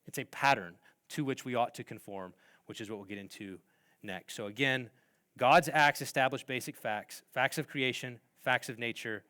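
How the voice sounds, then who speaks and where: A man's voice: mid-range voice, normal speed. A middle-aged man speaking to a conference of pastors, teaching in a conversational way, asking the audience questions and often dropping his voice at the ends of phrases. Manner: wide swings in loudness, trailing off quietly at phrase ends. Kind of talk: lecture-style talk to pastors.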